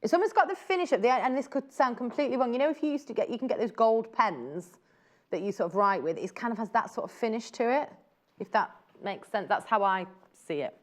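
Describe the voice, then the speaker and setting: A woman's voice: fairly high pitch, lively intonation, fast. A woman presenting fabrics on a live shopping channel, chatty and gushing as she exclaims over each print. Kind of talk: live TV selling chat.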